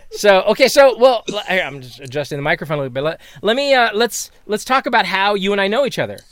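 A man with a smooth, clear voice pitched a little high, talking casually as a guest co-host. He rambles, restarts his sentences and slips in dry, deadpan jokes. The sound is dry and close, with no room echo. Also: a little fast. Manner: rambling, self-interrupting, playful deadpan jokes. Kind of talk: casual chat.

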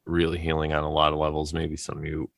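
A man's voice: extremely low pitch, monotone, quick pace, vocal fry, no echo. A man chatting casually on a podcast in an easygoing, laid-back way. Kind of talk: casual chat.

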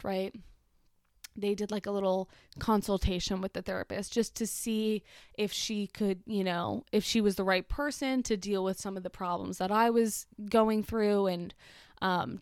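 A young woman talks straight into a close podcast mic, rambling through a personal story with blunt swearing and self-mocking asides. Her voice sits at an ordinary pitch for a woman, and the recording is dry, with no room sound at all. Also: darkish tone, clean tone, no room sound. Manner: chatty, swears freely, self-deprecating asides. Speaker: podcast host. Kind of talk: casual solo podcast storytelling.

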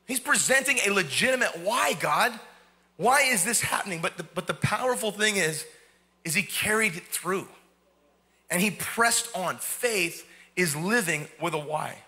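A man's voice: sits high, animated, moderate pace, bright, forceful tone. A man preaching a sermon from a church, impassioned, rising into cries when he voices believers' words. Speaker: pastor. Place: church sanctuary.

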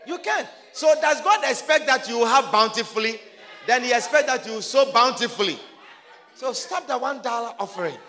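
A man preaching a sermon to his congregation, emphatic and often shouting, repeating his phrases for force. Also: extremely high pitch, moderate pace, long reverb tail.

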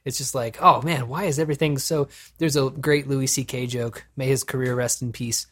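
A man hosting a podcast, chatting casually and profanely, animated and laughing often. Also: medium pitch, normal speed. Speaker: podcast host.

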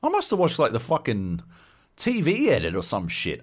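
A man's voice: medium pitch, normal speed. A man co-hosting a casual podcast, ranting loosely and swearing a lot. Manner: profane, animated ranting. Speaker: podcast co-host.

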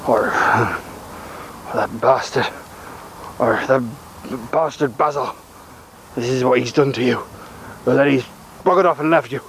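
A man's voice: medium pitch, unhurried, pauses often, slight background noise, natural voice, low-quality recording. A man playing a worried friend in an amateur audio drama, anxious and exasperated, cursing the one to blame. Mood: angry. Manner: anxious, exasperated, with swearing outbursts. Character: worried, indignant man helping his friend.

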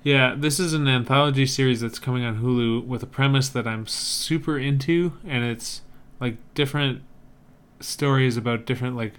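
A man with a smooth, clear voice talks through movie trailers in an easygoing, wry way. He muses thoughtfully and keeps the tone relaxed, as a co-host in a casual chat. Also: mid-range voice, normal speed. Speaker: podcast co-host.

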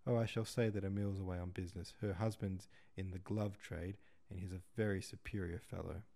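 Guy voicing a careless chatty young woman, deep gravelly tone. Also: steady tone, brisk, warm tone. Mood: breezy. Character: young woman, breezy and self-absorbed.

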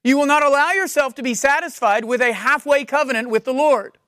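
A woman's voice: high-pitched, a bit bright, no room sound. Emphatic woman preacher, dry close sound. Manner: emphatic, repeats key words, reads scripture slowly. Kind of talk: sermon.

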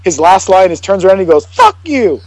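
A man's voice: high voice, racing, no echo, poor audio. A man co-hosting a casual podcast chat, retelling comedy film scenes with energy and acting out the lines. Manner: animated storytelling, quoting film lines in put-on voices. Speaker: podcast co-host.

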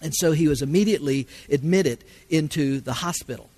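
A middle-aged male pastor preaching from the pulpit, his voice sitting a little high for a man. He moves from ringing calls to the congregation down to near-silent, drawn-out pauses. The delivery is dynamic and full of feeling. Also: a little mellow. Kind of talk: sermon.

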